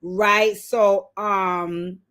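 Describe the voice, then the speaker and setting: A woman casually recapping a reality show, telling the story with lively quoted voices and blunt slang. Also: medium pitch, extremely slow, clear, resonant tone. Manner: animated storytelling, acting out quotes.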